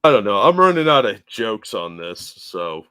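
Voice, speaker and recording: A man co-hosting a casual comedy podcast, throwing in dry, quick side remarks. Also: fairly low pitch, big pitch swings, sharp tone, clear, resonant tone. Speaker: podcast co-host.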